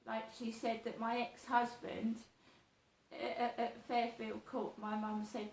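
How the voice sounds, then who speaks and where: A middle-aged woman telling a personal story in a slow, repetitive, aggrieved way. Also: on the high side, flat delivery, vocal fry, a little hiss or hum. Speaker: vlogger. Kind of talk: personal monologue. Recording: roomy echo.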